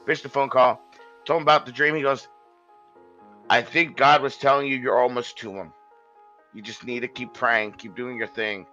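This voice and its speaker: A man recounts a personal story in loose, casual podcast talk, full of restarts and swearing. His voice is bright and forward. The recording sounds slightly dull, with faint music underneath. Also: mid-range voice, steady tone, moderate pace, long pauses. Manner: rambling, profane, with many restarts.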